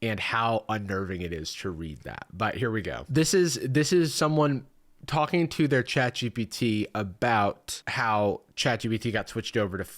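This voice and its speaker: A man in his thirties hosting a commentary video, reading online posts aloud with sarcastic asides and jumping into high, mocking voices for the quotes. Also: moderate pace.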